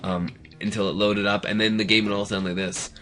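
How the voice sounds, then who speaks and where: A man's voice: on the low side, flat delivery, brisk, sharp tone. A man rambling and joking through casual banter while his friend plays a video game. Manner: rambling, joking, laughs a lot. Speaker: co-host of a gaming show.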